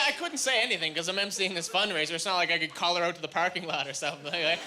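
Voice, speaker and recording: A man from Canada doing stand-up comedy, rambling through self-deprecating stories with quick asides, recorded live. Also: sits high, noisy background. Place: comedy stage before a live audience. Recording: live club recording with loud crowd.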